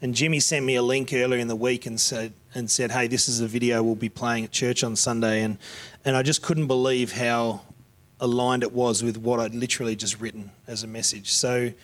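A man's voice: mid-range voice, level tone, a little fast. Man preaching, middle-aged, heartfelt and prayerful, homely country tone. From Australia. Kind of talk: sermon.

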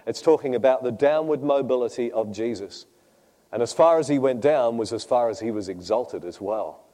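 A man's voice: medium pitch, normal speed, warm tone. A man preaching a sermon, telling funny stories and often laughing at his own jokes. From Australia. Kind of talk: sermon with humorous anecdotes.

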